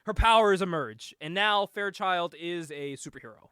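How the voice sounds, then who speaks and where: A young man co-hosting a casual show, excitedly retelling a movie plot, laughing often, swearing and acting out the lines. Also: high-pitched, moderate pace, clear, resonant tone, no echo, clean studio sound. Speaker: podcast co-host.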